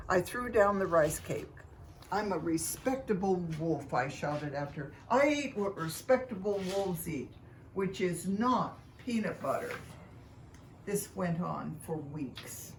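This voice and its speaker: Grandma reading a kids story real slow, kinda low voice, faint hiss behind. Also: female voice, rough recording. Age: older. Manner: expressive, unhurried first-person narration.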